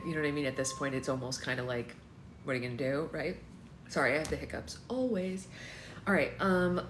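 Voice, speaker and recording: Low-voiced, chatty woman in an echoey room. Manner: chatty, rambling, filler-heavy. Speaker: book club host and slime seller. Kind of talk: casual livestream chat and reading aloud. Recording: echoey room, faint background noise.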